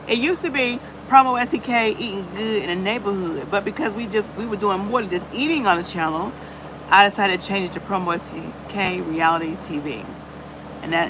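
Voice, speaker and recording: A chatty woman hosting a live stream, her voice at an ordinary middle pitch. She greets viewers one by one and leans on "y'all" as she talks, casual and unhurried, with a faint hum of noise behind her. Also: a bit bright, poor audio. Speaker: livestream host.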